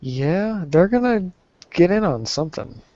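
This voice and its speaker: A man's voice: high-pitched, big pitch swings, measured pace, dark tone, no echo. Casual guy, stumbling delivery, dry muffled lo-fi recording. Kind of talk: casual chat.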